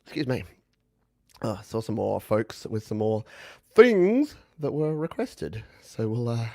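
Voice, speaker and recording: A man's voice: mid-range voice, very animated, unhurried, dark tone, no echo, studio quality. A man who plays viewers' song requests on guitar, chatting casually between songs in a rambling, self-mocking way with plenty of fillers and chuckles.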